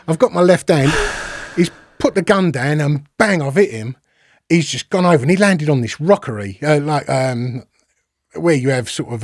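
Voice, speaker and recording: A man's voice: on the high side, no echo, clean studio sound. A middle-aged man with a London accent, a podcast guest casually telling a story, swearing freely and acting out the quotes. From England. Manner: swears freely, lively retelling with acted-out quotes.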